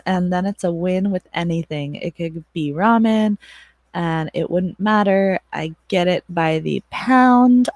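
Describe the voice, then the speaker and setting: A woman in her thirties hosts a casual livestream, talking loosely to her viewers at a middle pitch. She rambles, laughs often and swears offhandedly. Her voice sits close and dry, with no room sound. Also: no echo. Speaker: livestream host and moderator.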